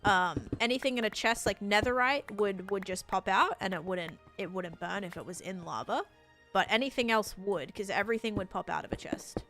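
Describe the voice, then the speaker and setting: A young woman streams a game live and talks to her chat in a loose, rambling way, full of fillers. She sometimes slows down to explain things patiently. Soft music plays faintly behind her. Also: mid-range voice. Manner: rambling and chatty, many "like" fillers. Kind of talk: casual live gameplay chat, answering viewers.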